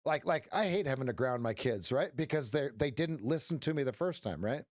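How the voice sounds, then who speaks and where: This middle-aged man hosts a laid-back live trading stream as a coach; he jokes, rambles, restarts frequently and keeps adding "right?". His mid-range voice is animated and a little fast, captured dry at studio quality.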